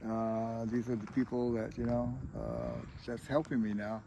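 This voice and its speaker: A middle-aged man tells his stories outdoors in a loose, rambling way, with "you know" in nearly every sentence. His pitch sits in the ordinary middle range. A faint hum of outdoor ambience and passing traffic runs underneath. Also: little pitch movement, a little slow, creaky, mellow, rough recording. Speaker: tribal chair candidate. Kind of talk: casual storytelling interview.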